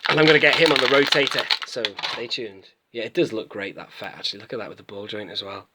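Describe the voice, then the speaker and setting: A man's voice: mid-range voice, fairly even intonation, quick pace, sharp tone, slight background noise. A British man in his late thirties, chatting enthusiastically and rambling as he unboxes and reviews toys in a casual vlog. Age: late 30s. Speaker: toy collector vlogger.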